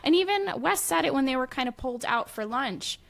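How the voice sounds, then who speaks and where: A woman's voice: sits high, animated, a little fast, gravelly, fairly bright tone. A woman guesting on a podcast, chatting casually and giving strong, emphatic opinions. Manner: emphatic, opinionated, self-described petty. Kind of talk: casual chat.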